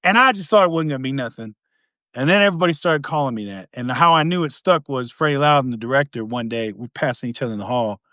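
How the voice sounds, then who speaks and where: The middle-aged Tennessean talks fast in a mid-range voice, recorded dry at studio quality. He's an animated storyteller in casual podcast chat, imitating the people he quotes.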